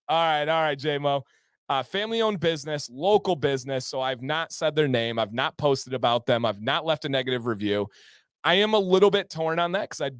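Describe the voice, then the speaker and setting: A man's voice: on the high side, fairly bright tone, clean tone, no echo. A man hosting a livestream, telling a long exasperated story to his chat with jokey asides. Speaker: livestream host. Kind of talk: casual storytelling to a live chat.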